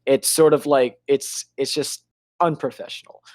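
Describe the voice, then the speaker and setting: A man's voice: mid-range voice, fairly even intonation, normal speed, a little mellow, no echo. A young man co-hosting a podcast, teasing and rambling in casual banter. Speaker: podcast co-host.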